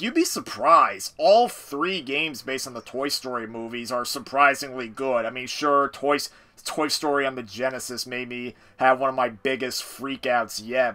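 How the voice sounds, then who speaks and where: A young man chatting casually with friends while streaming a game, telling stories with sudden loud bursts. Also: medium pitch. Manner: animated storyteller, yells in bursts. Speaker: gaming streamer. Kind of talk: casual gaming chat with friends.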